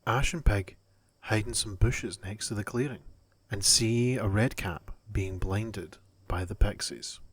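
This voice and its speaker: A man narrating a children's adventure story in a calm, steady way. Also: on the low side, unhurried, breathy edge, dry recording.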